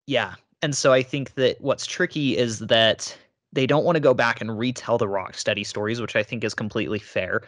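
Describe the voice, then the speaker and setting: A man co-hosting a casual talk show, explaining his points in a measured, steady way. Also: mid-range voice, no echo, studio quality. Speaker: podcast co-host. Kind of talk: casual discussion.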